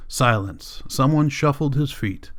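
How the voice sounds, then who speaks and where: A man narrating a novel in an audiobook with a steady, measured reading. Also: mid-range voice. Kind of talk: scripted narration.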